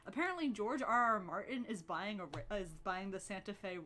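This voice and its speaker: A woman's voice: medium pitch, very animated, a little fast, a bit bright. Woman chatting on a stream, rambly and giggly, medium voice. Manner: rambling, apologetic, giggly asides. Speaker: co-host of a streamed gameplay talk. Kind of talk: casual chat on a livestream.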